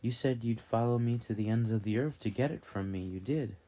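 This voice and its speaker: A man voicing a proud, sly wolf goddess who has the form of a young woman in an audiobook reading. She speaks in a dry, teasing and measured way. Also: mid-range voice, mellow, natural voice.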